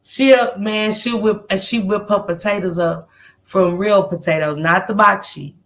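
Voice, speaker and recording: A woman in her thirties telling a story in casual chat, animated and profane, laughing often and acting out the people she quotes. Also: mid-range voice, a little slow. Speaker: storyteller recounting a street encounter.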